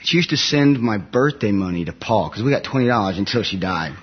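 A man, a soldier, telling an animated story about coming home to an audience, laughing often as he talks. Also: fairly low pitch, brisk, slightly rough, highs cut off. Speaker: soldier sharing his story.

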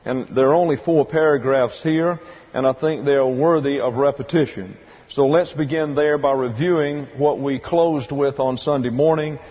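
A man teaching a Bible sermon, reading quotes aloud and spelling words out slowly. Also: on the high side, breathy edge. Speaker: pastor. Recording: lo-fi hall recording with long reverb.

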